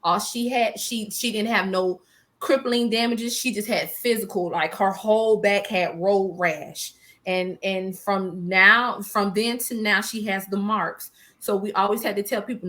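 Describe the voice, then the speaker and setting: A woman in her forties, a small business owner, telling a personal story in a casual interview, animated and emotional, quoting herself and laughing between hard memories. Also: medium pitch, normal speed. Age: 40s.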